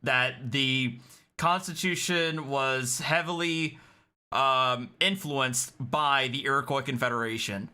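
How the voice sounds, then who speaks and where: Very bright-voiced male host. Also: mid-range voice. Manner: quick, chatty, apologetic asides. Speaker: commentary channel host. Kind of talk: casual chat reading viewer messages.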